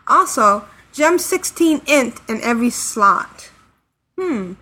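Bright, high-voiced woman co-host. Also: lively intonation, slow pace, rough recording. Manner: easygoing, laughs readily. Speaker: podcast co-host reading listener emails. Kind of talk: casual podcast chat.

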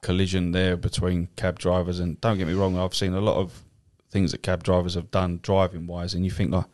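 A man's voice: low voice, monotone, a little fast, darkish tone. A man with a London accent chatting casually as a podcast co-host, sweary and rambling, often breaking into laughs. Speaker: podcast co-host, cab driver. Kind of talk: casual chat.

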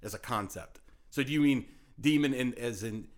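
A man in casual podcast chat who keeps breaking in with disbelief and jokes. His voice sits at an ordinary middle pitch, and his sentences ramble and restart as he works out his point. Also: normal speed. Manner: incredulous, joking, rambling with restarts. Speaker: podcast co-host.

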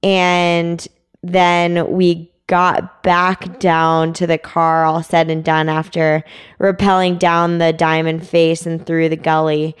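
A woman's voice: lowish voice, monotone, slow, smooth. A young woman telling a climbing story in a casual interview, chatty with many fillers. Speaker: climbing guest.

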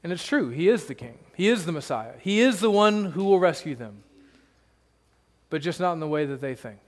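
A man's voice: fairly high pitch, expressive, moderate pace, big-room sound. A man pastor preaching a sermon, conversational and emphatic, with rhetorical questions to the congregation.

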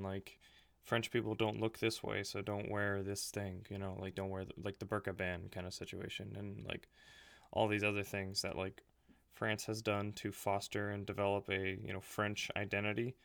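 A man talking in a casual chat, relaxed and full of fillers, animated when he quotes other people. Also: lowish voice, a little fast, creaky, clean tone, no echo.

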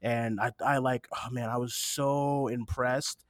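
A man's voice: medium pitch, fairly even intonation, a little slow, dry recording, studio quality. A man hosting a podcast in casual chat, rambling and earnest, swearing now and then, teary-eyed while speaking into a desktop mic. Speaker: podcast host.

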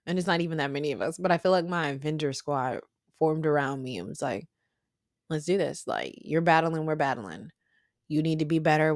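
A woman hosting a podcast, telling a candid personal story in a conversational, animated way. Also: low-pitched, dry recording, clean studio sound. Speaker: podcast host.

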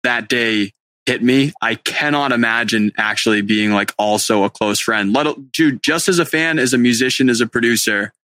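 A man's voice: mid-range voice, moderate pace, no echo. A male host in casual interview talk, reacting briefly and swearing, recorded with a dry close mic. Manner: short reactions, swears, excited.

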